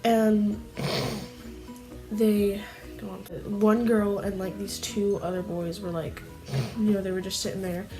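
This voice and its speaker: A woman's voice: mid-range voice, little pitch movement, takes it slowly, pauses often, over music. A woman telling a story casually in a vlog, rambling and full of "like" fillers, restless as she talks. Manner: rambling, heavy use of "like" fillers; restless, fidgety while telling. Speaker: vlogger.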